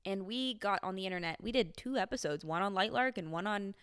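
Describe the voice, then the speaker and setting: Smooth-voiced young woman co-hosting a podcast. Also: medium pitch, a little fast, a bit bright. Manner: chatty, self-mocking, laughs often. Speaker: podcast co-host. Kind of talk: casual chat.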